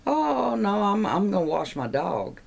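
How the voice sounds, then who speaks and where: A woman's voice: medium pitch, sing-song, a little slow, vocal fry, husky, pitched above the performer's own voice, exaggerated voice. A woman voicing a naive little boy who speaks matter-of-factly. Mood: innocent. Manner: innocent, matter-of-fact.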